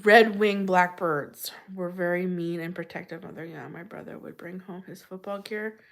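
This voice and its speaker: A woman's voice: fairly low pitch, steady tone, moderate pace, vocal fry. A woman hosting a casual livestream, chatting about backyard birds and greeting viewers by name with frequent laughs. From Pennsylvania. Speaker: livestream host reading chat.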